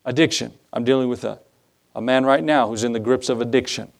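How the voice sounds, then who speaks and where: A man's voice: medium pitch, fairly quick, gravelly. A male pastor preaching a conversational sermon, acting out little dialogues and asking the congregation rhetorical questions.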